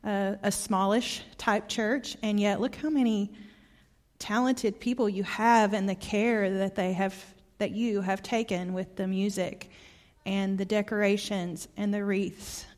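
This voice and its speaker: A middle-aged woman from Arkansas with a Southern accent, preaching a heartfelt storytelling sermon as a guest preacher, often dropping soft and quiet. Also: mid-range voice, fairly even intonation, unhurried. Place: church sanctuary.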